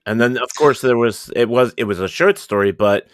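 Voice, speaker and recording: A man's voice: medium pitch, a little fast, smooth, dry recording, clean studio sound. A man hosting a talk radio show, chatting casually with guests and reading chat questions aloud. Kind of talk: casual live-stream hosting.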